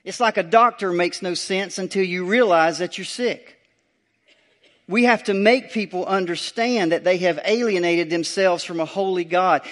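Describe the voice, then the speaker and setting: A man preaching a sermon. His voice sits a little high and climbs in bursts as he presses a point. He repeats lines for emphasis and then drops low and quiet. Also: moderate pace. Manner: emphatic preaching with repeated phrases and rising surges. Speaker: pastor.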